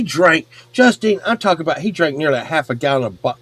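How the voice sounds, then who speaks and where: A middle-aged man telling a rowdy story in casual chat, swearing and loudly acting out the people in it. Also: fairly high pitch, fast talker, hardly any pauses. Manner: animated, swearing, acts out quotes loudly. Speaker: podcast host.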